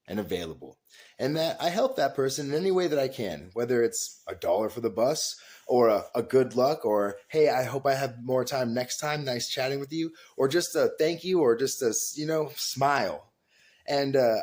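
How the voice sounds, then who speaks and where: A man hosting his own video, telling a rambling story in an emphatic, profane way. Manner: emphatic and profane, with big swings in pitch and loudness. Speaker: vlog host.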